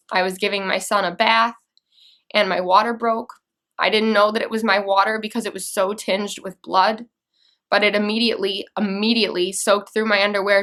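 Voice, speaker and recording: A young woman telling a personal story to camera, earnest and halting, with restarts and fillers. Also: mid-range voice, a bit bright. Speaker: vlogger.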